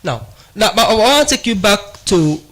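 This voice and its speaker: A man's voice: high voice, big pitch swings, normal speed, a bit bright. A man with a Sierra Leonean Krio-inflected accent, a radio co-host putting probing questions to a commentator. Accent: Sierra Leonean Krio-inflected English. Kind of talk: radio talk show questioning.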